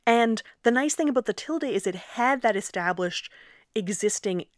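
A young woman, a linguist being interviewed, explaining things in an animated conversational way and laughing often. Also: on the high side, moderate pace, no room sound, studio quality. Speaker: linguist and author, interview guest.

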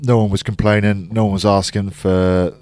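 Deep-voiced man, laid-back. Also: little pitch movement, normal speed, a little mellow. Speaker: podcast co-host. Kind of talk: casual podcast chat.

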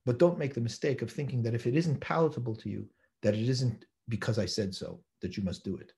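A man's voice: medium pitch, fast, vocal fry. A rabbi teaching a Torah class, quoting Hebrew sources and pressing his points with rhetorical questions. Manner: animated, emphatic, rhetorical questions, quotes Hebrew texts. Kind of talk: Torah lecture.

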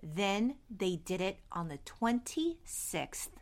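Animated woman recapping a show. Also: mid-range voice, takes it slowly. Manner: animated, acts out scenes in voices. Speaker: podcast co-host. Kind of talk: casual chat recapping a TV episode.

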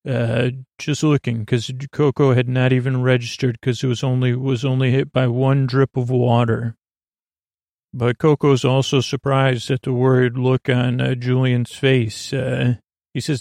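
Man, bedtime story narrator, slow and meandering, gravelly voice, dry close sound. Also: mid-range voice, flat delivery, darkish tone, dry recording. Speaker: podcast host, storyteller.

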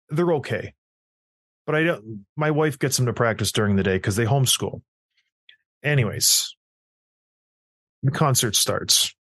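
A man's voice: mid-range voice, a bit bright, no room sound. A middle-aged man co-hosts a sports podcast, telling a long anecdote in a blunt, self-mocking way. His voice sits in an average register and is recorded close and dry, with almost no room around it. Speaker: podcast co-host. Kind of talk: casual sports podcast chat.

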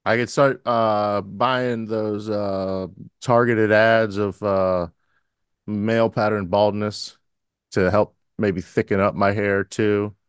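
A man's voice: lowish voice, level tone, slow, smooth, no room sound, studio quality. A man co-hosting a podcast, riffing sardonically in casual comedic banter with mock-grand phrasing. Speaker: podcast co-host.

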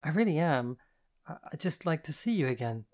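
A woman's voice: deep voice, animated, a little fast, darkish tone, pitched above the performer's own voice. A woman voicing a cheerful, eager young woman on the phone in a storybook reading. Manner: cheery, enthusiastic.

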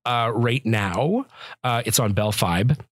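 A man's voice: medium pitch, animated, takes it slowly, a bit bright, no room sound, clean studio sound. A man from rural Ontario, a chef chatting casually as a podcast guest, rambling with lots of fillers. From rural Ontario, Canada.

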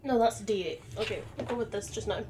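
A woman's voice: mid-range voice, fast, noisy background. A woman player in a tabletop game who speaks bluntly. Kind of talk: casual chat at a game table.

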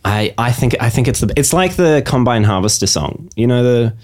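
A man's voice: mid-range voice, expressive, normal speed, darkish tone. Rambling man comedian on a podcast. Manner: rambling, self-interrupting. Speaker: comedian guest. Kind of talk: casual comedy podcast banter.

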